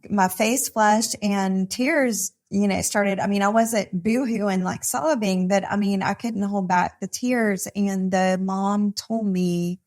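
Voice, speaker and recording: A woman's voice: mid-range voice, fairly even intonation, slow, darkish tone. A woman therapist, a podcast guest, talking casually at a live conference recording, with many fillers and restarts. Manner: chatty, many fillers and restarts, frequent laughter. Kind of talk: casual conversation.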